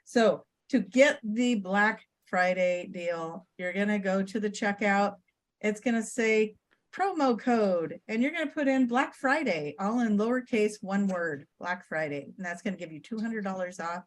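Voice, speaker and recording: A woman's voice: mid-range voice, unhurried. A woman guest on a podcast, chatting casually and upbeat, promoting an event in a rambling way. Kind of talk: casual chat.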